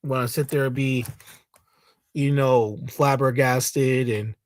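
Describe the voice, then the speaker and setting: A man's voice: mid-range voice, steady tone, slow pace. A man giving a blunt, profane and heated commentary rant in a vlog. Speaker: commentary vlogger. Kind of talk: ranting commentary.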